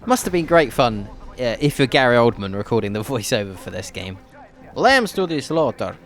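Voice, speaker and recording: A man's voice: on the low side, a little fast. A man hosting a history podcast who chats and jokes while commentating a game playthrough. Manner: chatty and jokey, with dry asides. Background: game gunfire and faint music.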